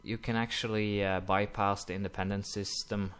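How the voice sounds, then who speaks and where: A young man commenting casually while playing a strategy game, rambling with many fillers and quick apologetic asides. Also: on the low side, little pitch movement, fairly bright tone, smooth. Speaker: gaming commentator. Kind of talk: casual let's-play commentary.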